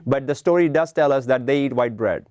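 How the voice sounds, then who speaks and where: A man's voice: mid-range voice, fairly quick, darkish tone, dry recording. A man giving a classroom lecture, explaining patiently and checking in with "right?" as he goes. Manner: explanatory, tags points with "right?". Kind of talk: classroom lecture on film composition.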